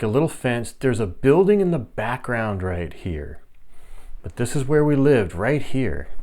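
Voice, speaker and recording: A man in his fifties casually telling a personal story, lively and full of mimicked sounds and voices. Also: fairly low pitch. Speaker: storyteller vlogger.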